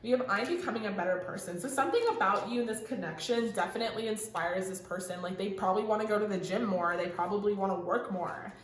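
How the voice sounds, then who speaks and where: A woman's voice: mid-range voice, fast, few pauses. A young woman giving a casual, emotional tarot reading to her viewers, gushing and swearing freely, with lots of "like" fillers. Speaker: tarot reader. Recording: roomy echo.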